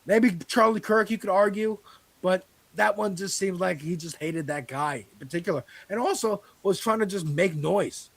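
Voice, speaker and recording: American man, gravelly, husky, high-ish voice, profane heated rant, dry close mic. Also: no echo. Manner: profane, ranting, fast-rising anger.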